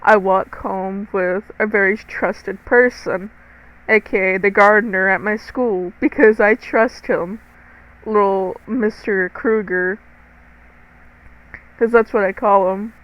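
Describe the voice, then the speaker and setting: A woman's voice: mid-range voice, fairly even intonation, slow pace, a bit bright, poor audio. A teenage girl narrating a storytime to viewers, chatty and dramatic, swearing freely and talking straight to the audience. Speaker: storytime vlogger.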